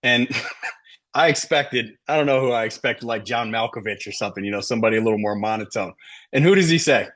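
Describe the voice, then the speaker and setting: This sales trainer is a middle-aged man whose medium-pitched voice comes out fast and a bit bright. Coaching his team, he speaks with emphasis and often asks "right?"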